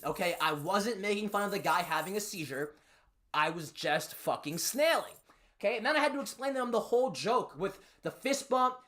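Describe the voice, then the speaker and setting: A man's voice: high-pitched, a bit bright. A young man telling a casual storytime video, swearing constantly and talking emphatically, often turning to the listener with rhetorical asides. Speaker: YouTube storyteller.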